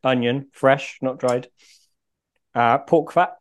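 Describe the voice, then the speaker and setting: A man's voice: mid-range voice, takes it slowly. A man hosting a casual podcast interview, talking between bites of food. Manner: talking while chewing food. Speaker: podcast host.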